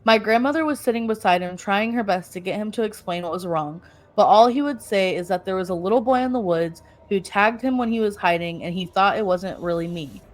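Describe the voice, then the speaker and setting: Woman podcast co-host, mid-pitch, reads stories aloud casually with laughing asides. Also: fairly quick. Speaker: podcast co-host reading a story.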